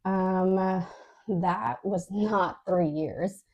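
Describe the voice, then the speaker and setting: Woman podcast co-host, casual storytelling, husky, mellow tone. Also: mid-range voice, extremely slow, muffled recording. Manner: recounts a dream in a chatty way, full of "like" and fillers.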